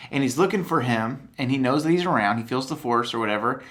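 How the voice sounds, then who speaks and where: Male podcast co-host, mid pitch, chatty animated storyteller, slightly tired voice. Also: quick pace. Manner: animated storyteller, acts out quotes. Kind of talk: casual chat.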